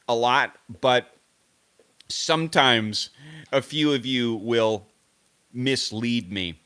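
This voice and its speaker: A man's voice: medium pitch, very animated, slow pace, a bit bright. A man hosting a tennis live stream, chatting casually to his viewers in a rambling, self-correcting way as he muses aloud. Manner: rambling, self-correcting, musing aloud over name pronunciations.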